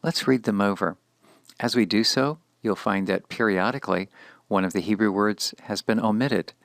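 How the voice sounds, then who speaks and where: A man with a very low, gravelly voice reads a scripted language lesson at an unhurried pace. He is measured and deliberate and says each Hebrew word twice for the learner. The sound is dry and close to the mic. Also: fairly bright tone, dry recording. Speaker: Hebrew teacher.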